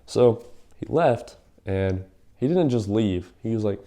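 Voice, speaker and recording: A man's voice: lowish voice, animated, takes it slowly, mellow. A young man casually retelling a Bible story in a rambling, slangy way, with lots of fillers.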